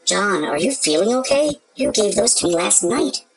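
A woman's voice: mid-range voice, animated, normal speed, over a noisy crowd, lightly acted, low-quality recording. A woman playing a concerned wife in a scripted comedy sketch, earnestly explaining herself to her husband. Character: devoted, puzzled wife in a skit.

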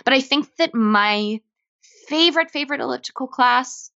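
A woman from Los Angeles, a fitness instructor, chatting on a podcast in an upbeat, animated way. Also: sits high, moderate pace, vocal fry, highs cut off. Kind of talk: casual podcast chat.

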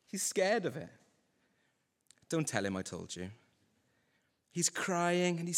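Joking preacher with hall reverb. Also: male voice, fairly high pitch, sing-song, takes it slowly. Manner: conversational and humorous. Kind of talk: sermon. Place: church hall.

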